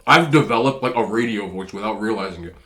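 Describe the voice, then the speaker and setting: A man's voice: fairly low pitch, animated, quick pace, fairly bright tone. A man with a slightly nasal voice, chatting casually and rambling while he eats on camera. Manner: rambling, chatty, talks between bites. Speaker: food vlogger. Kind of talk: casual mukbang chat while eating.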